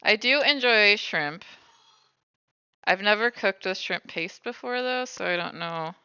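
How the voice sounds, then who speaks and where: Chatty streamer woman with a gravelly edge. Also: mid-range voice, expressive, measured pace, sharp tone, no room sound, highs cut off. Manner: chatty, thinks aloud while cooking. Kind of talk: casual livestream chat while baking.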